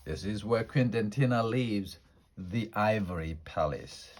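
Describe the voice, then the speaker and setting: Man playing tiny tooth fairy, female, gentle, soft, timid, storybook. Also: lowish voice, a little slow, slight background noise, lightly acted. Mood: calm guiding.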